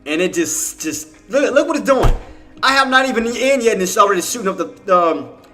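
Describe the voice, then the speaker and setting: A man's voice: sits high, animated, a little fast, sharp tone, soft background music. A man streaming live trading commentary, talking in casual slang and often venting in frustration, repeating himself and cursing under his breath. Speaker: day trading livestream host.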